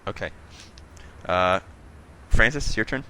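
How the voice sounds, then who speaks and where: A man's voice: on the low side, takes it slowly, sharp tone, smooth. A man running a tabletop game as game master, talking casually and loosely with lots of fillers.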